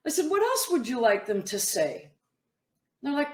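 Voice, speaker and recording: A woman's voice: normal speed, pauses often, roomy sound. A woman who is a mental toughness coach, giving advice to camera and acting out what young athletes tell her. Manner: animated, acts out athletes' quotes in a higher voice. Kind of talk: talking to camera, advice monologue.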